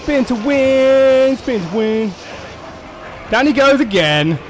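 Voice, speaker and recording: A man commentating on his own gameplay, excitable, swearing, shouting and laughing at the action. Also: extremely high pitch, slow pace, soft background music, poor audio. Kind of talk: let's play commentary.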